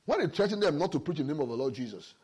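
Male preacher, husky and animated, emphatic scripture exposition. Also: on the high side, rapid-fire. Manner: lively, emphatic Bible exposition with personal stories. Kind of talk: sermon.

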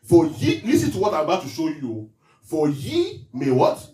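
A man preaching an interactive sermon as pastor. He questions the congregation and reads scripture aloud slowly. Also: on the high side, huge pitch swings, mellow. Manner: call-and-response questions to the congregation. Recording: echoey room, voice from a distance.

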